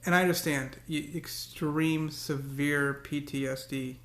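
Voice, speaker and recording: A man's voice: on the high side, steady tone, measured pace, fairly bright tone, echoey room. A man talking to the camera in a casual, rambling monologue, often repeating words and breaking into cursing rants. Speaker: vlogger.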